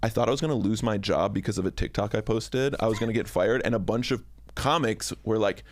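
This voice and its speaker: A man's voice: lowish voice, brisk, slight background noise. A young man hosting a podcast in casual chat, chatty and self-deprecating. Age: young adult. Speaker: podcast host.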